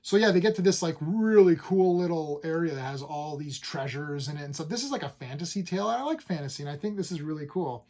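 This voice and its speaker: A man's voice: fairly high pitch, expressive, quick pace, few pauses, warm tone. Rambling, upbeat male comic book reviewer. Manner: rambling, lots of fillers and restarts; enthusiastic, paraphrases characters loosely. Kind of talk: casual comic review chat.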